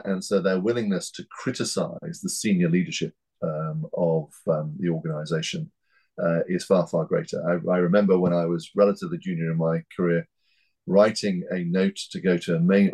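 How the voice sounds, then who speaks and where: A man in his fifties from North East England, speaking as an interview guest in a measured, hesitant way with many fillers and restarts. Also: low voice, creaky, darkish tone, breathy edge, rough recording. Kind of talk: reflective interview talk.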